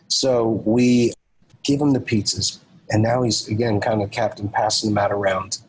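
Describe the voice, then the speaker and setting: A man's voice: fairly low pitch, moderate pace, a little hiss or hum, poor audio. A man, a podcast guest and author, telling a personal story and acting out the dialogue of the people in it. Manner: animated storyteller, acts out quoted dialogue.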